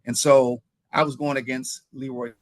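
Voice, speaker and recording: A man in his fifties from Ohio, a former pro football player recounting his journey as an interview guest, with animated telling and frequent repeated words. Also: medium pitch, normal speed, no echo. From Ohio, USA. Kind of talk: interview storytelling.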